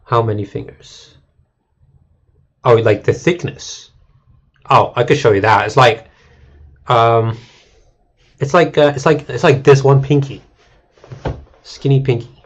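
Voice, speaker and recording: A man's voice: mid-range voice, a little slow, long pauses. A male game streamer in a casual, crude and rambling rant to his chat, mocking and full of fillers.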